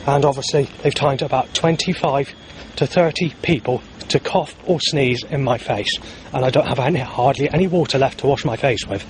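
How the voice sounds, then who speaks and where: Recording his day as a vlogger, a man with a medium-pitched voice rambles at normal speed outdoors in town, moving among streets, stations and bus stops. He sounds agitated, swearing a lot and erupting in anger, over outdoor street noise and passing traffic.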